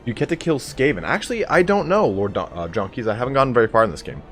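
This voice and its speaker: A man's voice: medium pitch, very animated, quick pace, fairly bright tone, faint music behind. A man livestreaming a video game, chatting casually to his viewers and explaining the mechanics as he plays. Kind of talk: casual gameplay commentary.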